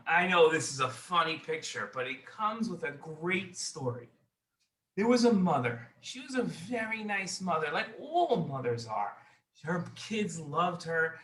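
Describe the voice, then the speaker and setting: A man hosts a children's show and tells a story in an upbeat, reassuring way. His voice sits high and sounds bright. The room adds a noticeable echo. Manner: upbeat, reassuring, talks to kids. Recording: echoey room.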